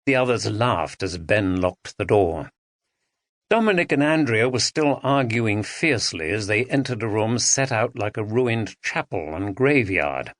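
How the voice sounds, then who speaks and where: A man narrating an audiobook thriller, expressive and dramatic, on a close studio mic. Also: fairly low pitch, unhurried, dry recording. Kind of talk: scripted narration.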